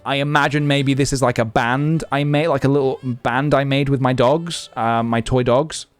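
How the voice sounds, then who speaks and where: A man's voice: mid-range voice, fairly even intonation, moderate pace, smooth, faint music behind. A young man live-streaming, chatting casually and thinking aloud with lots of fillers as he goes.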